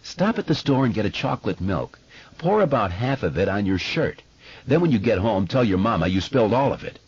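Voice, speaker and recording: A man's voice: fairly low pitch, very animated, fairly quick, a little mellow, breathy edge, dull audio, voice pushed up, heavily acted. A man voicing a shy, earnest eleven-year-old boy who talks plainly, in an audiobook.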